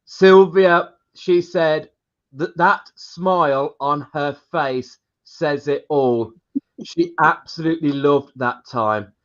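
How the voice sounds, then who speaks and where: A man hosting a live stream in a relaxed way, reading out viewer comments. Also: fairly high pitch, slow. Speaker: host. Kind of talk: casual live-stream chat. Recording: dull lo-fi stream audio.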